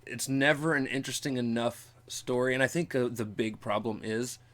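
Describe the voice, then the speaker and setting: A man hosting a podcast in casual chat, retelling episodes in detail with relaxed fillers. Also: medium pitch, moderate pace. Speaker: podcast host.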